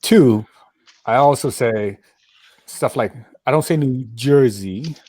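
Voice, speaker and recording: A man's voice: mid-range voice, slow pace, darkish tone. A man from Colorado chatting casually on a podcast, rambling and repeating himself as he talks. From Colorado, USA. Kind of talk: casual chat.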